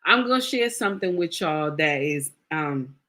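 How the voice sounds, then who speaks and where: A woman's voice: deep voice, expressive, moderate pace, a bit bright. A middle-aged woman telling viewers a personal story in a casual, emphatic way, repeating phrases and speaking to them directly. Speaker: vlogger sharing a personal story.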